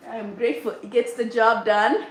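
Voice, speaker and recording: Her voice is fairly high, steady in tone and at normal speed. This middle-aged livestream host, mother to a large family, cooks in her kitchen while chatting casually, reading viewer comments aloud and laughing frequently, recorded with echo and faint background noise.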